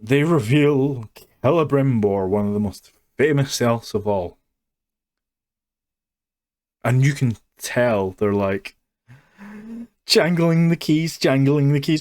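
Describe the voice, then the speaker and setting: Slow, sarcastic man ranting on a review. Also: mid-range voice, lively intonation, a little mellow, dry recording, studio quality. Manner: sarcastic, mocking. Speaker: YouTube reviewer.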